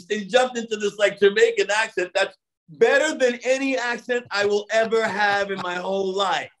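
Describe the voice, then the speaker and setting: A man's voice: fairly high pitch, fairly bright tone. A middle-aged man, an actor being interviewed, talking casually and loosely, with lots of "like" and "you know what I mean".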